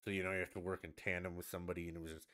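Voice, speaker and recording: A man with a fairly low voice talks casually to his stream audience. He rants bluntly and swears freely, jumping between pet peeves and everyday news. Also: little pitch movement, racing, fairly bright tone. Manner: profane, blunt, ranting. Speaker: livestream host. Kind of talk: casual ranting chat.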